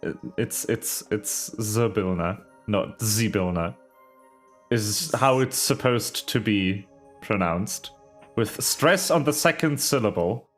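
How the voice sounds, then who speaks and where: A man running the tabletop game, dropping quick asides and fussing over how names are pronounced. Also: lowish voice, expressive, fairly bright tone, faint music behind. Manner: quick asides, fussy about pronunciation. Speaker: game master. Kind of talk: casual table talk.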